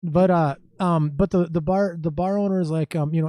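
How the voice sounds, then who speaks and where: A man, a musician guest on a podcast, telling stories in casual chat with many pauses and restarts. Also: a little high, steady tone, mellow, dry recording. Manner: halting, many ums and restarts.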